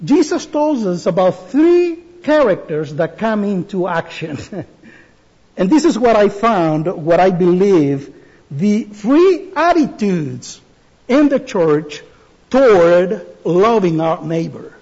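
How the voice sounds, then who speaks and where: Man preaching slowly, high voice, husky tone, dull lo-fi recording. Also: sing-song, darkish tone. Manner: slow, deliberate delivery with pauses and restarts. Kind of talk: sermon.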